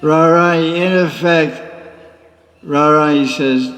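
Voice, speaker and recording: A man, a spiritual teacher, giving a lively devotional class with teasing asides. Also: fairly high pitch, moderate pace. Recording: echoey hall reverb.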